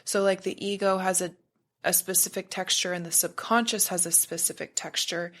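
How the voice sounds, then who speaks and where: Her voice is on the low side and fairly bright, her delivery flat and her pace moderate. A spiritual practitioner appearing as a podcast guest, she talks casually in a roaming, searching manner and sometimes buzzes to make a point.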